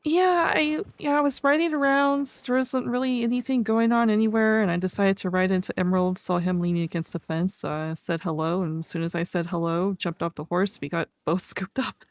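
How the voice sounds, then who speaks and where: A woman's voice: mid-range voice, fairly even intonation, brisk, few pauses, no echo. Chatty woman, dry close sound. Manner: chatty, laughs easily. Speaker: roleplayer streamer. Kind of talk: in-character roleplay storytelling.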